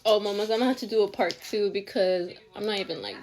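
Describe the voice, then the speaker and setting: A woman's voice: medium pitch, fairly even intonation, fast talker, a little mellow. A young woman chatting through a casual story time, trailing off now and then. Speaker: TikTok storyteller.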